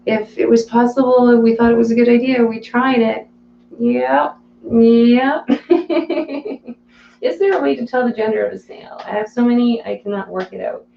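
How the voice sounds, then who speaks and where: Woman streamer with a gravelly edge, chatty and laughing between chat reads, in a roomy, slightly dull home recording. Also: fairly high pitch, fairly even intonation, normal speed, slight background noise. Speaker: live streamer reading chat. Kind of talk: casual live-stream chat.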